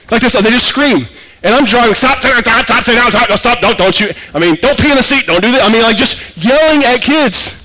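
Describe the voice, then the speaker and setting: A man preaching a sermon as pastor, telling stories in an animated way and rising almost to shouting for emphasis. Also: sits high, rough recording. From Oklahoma.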